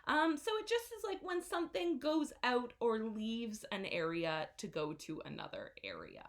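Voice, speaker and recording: A young adult woman teaching English vocabulary at a classroom whiteboard, explaining words slowly and modeling their pronunciation again and again. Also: on the high side, big pitch swings. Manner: slow, careful explanations with repeated modeled pronunciations. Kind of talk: vocabulary lesson.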